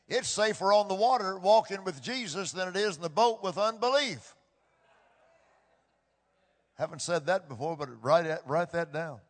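A man with a high voice preaches a sermon, his delivery impassioned and swinging between hushed tones and loud bursts. He drives points home by repeating phrases. His voice rings with a long reverb, as in a large hall. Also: animated, normal speed, long pauses.

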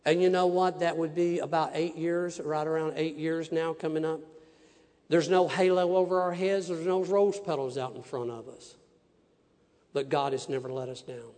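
A man ministering to a congregation, telling his testimony in an animated sermon and acting out the dialogues in it. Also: a little high, normal speed. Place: church sanctuary. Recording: long church-hall reverb.

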